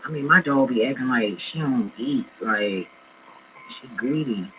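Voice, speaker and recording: This forties vlogger chats to viewers from home in a rambling, slangy way, drifting off topic a lot. He speaks in a mid-range voice at a measured pace, with lively intonation and a pushed, bright quality. There's slight background noise on a dull lo-fi recording.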